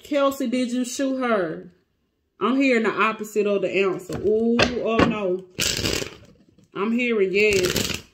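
A woman's voice: mid-range voice, a little slow, long pauses, heavy background noise. A woman with giving a casual, emotional tarot reading to her viewers, close to tears. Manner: emotional, dramatic, talks to cards and viewers. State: near tears. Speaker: tarot reader.

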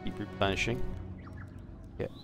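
A man's voice: a little slow, over music. A man casually commenting on his game stream, chatting and swearing while answering viewers.

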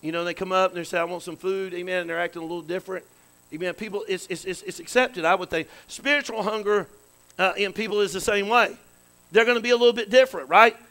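A man's voice: sits high, fairly even intonation, fast, a bit bright, rough recording. A man pastor preaching a folksy sermon, calling out to the congregation with frequent amens and questions. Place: church sanctuary.

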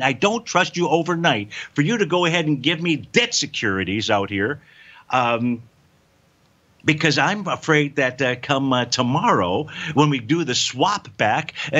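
A man's voice: medium pitch, bright, forceful tone, dull audio. A man hosting a live financial talk show, folksy and emphatic, answering viewer questions and repeating his points. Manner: folksy, emphatic, repeats phrases, says "out there" a lot. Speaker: market show host.

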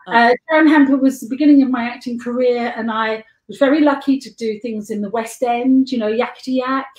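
An older London woman with a high voice chats on a video call, giggly and quick to jump from one anecdote to the next. Her voice bounces around an echoey room. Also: steady tone, darkish tone. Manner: chatty, giggly storyteller who jumps between tangents. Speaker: guest and life model. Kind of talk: rambling anecdotal chat. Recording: echoey room on a live stream.

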